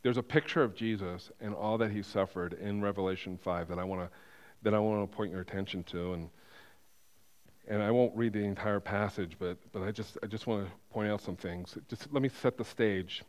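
Man preaching, clear smooth voice, animated sermon storytelling, long reverb of a church. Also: on the low side, a little fast. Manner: animated storytelling with frequent restarts. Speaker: pastor. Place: church sanctuary. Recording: reverberant hall.

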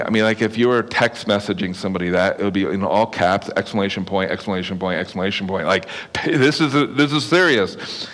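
A man's voice: lowish voice, brisk, a bit bright. Male pastor preaching in a reverberant hall. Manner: conversational preaching with repeated restarts and asides. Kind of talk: sermon.

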